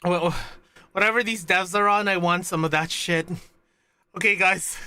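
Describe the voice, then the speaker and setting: A woman streaming a game playthrough who talks to her chat, excitable and casually swearing. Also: on the low side, normal speed, clear, resonant tone. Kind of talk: live game playthrough commentary.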